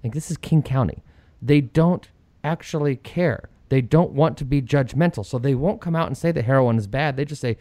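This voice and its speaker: A middle-aged man hosts an opinionated political talk show at a medium pitch. He retells stories with sarcasm and mocks the people he quotes. His voice sounds dry and close, with no room echo. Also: moderate pace. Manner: sarcastic, lively storytelling with mocking quoted voices. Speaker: radio talk show host.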